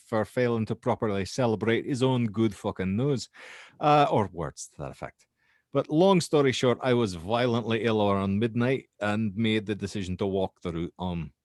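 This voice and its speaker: A man voicing a young Scottish male university student in a put-on Scottish accent, reading a horror statement with halting restarts. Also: fairly low pitch, a little mellow, dry recording, clean studio sound, voice pushed up, lightly acted.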